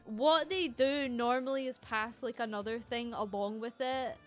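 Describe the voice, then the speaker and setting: A Scottish woman with a fairly high voice, chatting loosely on a stream. She rambles from one thought to the next, swears freely and laughs often. Soft music plays faintly behind her. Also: normal speed. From Scotland. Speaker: VTuber streamer. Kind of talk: casual livestream chat.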